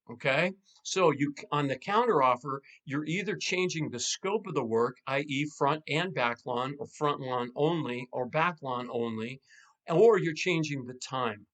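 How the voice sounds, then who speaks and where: Animated male pastor coaching couples. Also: fairly high pitch, a little slow. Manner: animated, acts out quoted spouses. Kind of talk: casual teaching monologue.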